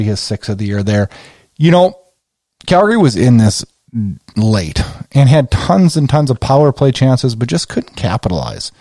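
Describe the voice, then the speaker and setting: A man talks through a game recap in a casual, conversational way and gets worked up as he recounts his reactions. His voice is warm and mellow. It is recorded dry, with no room sound. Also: mid-range voice, dry recording. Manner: excitable, conversational, retells his own reactions. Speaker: podcast host.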